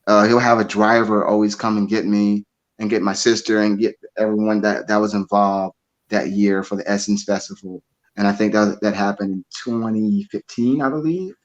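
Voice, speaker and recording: A man in his twenties, a drummer, telling stories in a casual interview, animated and repeating his words. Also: lowish voice, moderate pace, dull audio. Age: 20s. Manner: animated storyteller, repeats words, acts out quoted voices. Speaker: drummer and guest.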